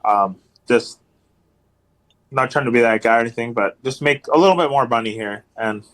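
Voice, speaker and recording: A man, a hockey enforcer, tells casual stories as a podcast guest, meandering along with plenty of ums and repeated phrases. His mid-range voice is fairly bright, and his pace is moderate.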